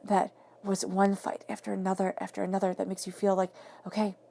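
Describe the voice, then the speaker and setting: A woman reads tarot in an emphatic, affirming way. Her voice is gravelly and dark in tone, and she often sinks into soft whispers to stress a point. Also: mid-range voice, completely flat delivery, brisk. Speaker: tarot reader. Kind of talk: spoken tarot reading.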